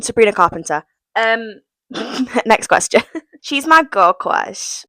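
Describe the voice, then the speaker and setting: Chatty young woman with lively pitch. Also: takes it slowly, no echo, rough recording. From England, West Midlands. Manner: chatty and self-deprecating, with giggles and dips into whispers. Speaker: vlogger. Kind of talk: casual get-to-know-me vlog.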